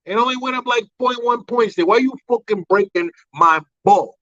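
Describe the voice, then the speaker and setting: A man mimicking a huffy old politician who bristles at every question. The put-on voice sits high and sharp and is recorded dry with a slightly dull, lo-fi tone. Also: moderate pace, no echo. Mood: indignant. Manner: huffy, defensive, mumbling. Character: indignant elderly male politician, defensive.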